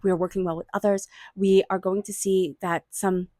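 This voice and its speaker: A woman giving a tarot reading, murmuring invocations to angels and spirit guides and offering warm, excited encouragement. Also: mid-range voice, moderate pace, no echo. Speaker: tarot reader. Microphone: own microphone.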